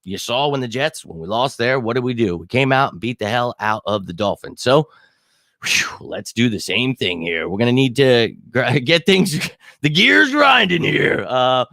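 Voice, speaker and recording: An excitable man in his thirties hosts a live sports stream in casual chat, swearing freely and filling gaps with "uh" and "you know". His voice sits at an ordinary middle pitch. The sound is dry and close, with no room echo. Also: normal speed. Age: 30s. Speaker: sports show host.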